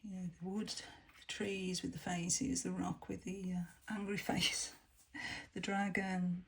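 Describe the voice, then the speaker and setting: Casual unboxing host, woman, slow and softly whispery, talks to herself as she goes. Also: on the low side, level tone, gravelly, husky. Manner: soft-spoken, musing, often half-whispered. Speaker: tarot deck reviewer.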